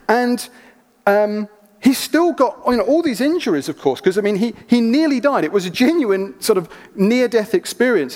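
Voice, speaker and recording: Lively preacher in a reverberant hall. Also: male voice, high voice. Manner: animated, chatty storytelling with asides and laughs. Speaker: pastor. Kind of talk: sermon with storytelling.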